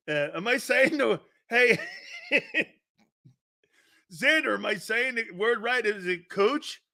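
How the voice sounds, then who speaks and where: Give me a giggly man hosting a live sports talk show, with a high voice and an unhurried pace. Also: lively intonation, gravelly, bright, forceful tone. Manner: giggly, joking, keeps breaking into laughter; reads and answers viewer comments by name.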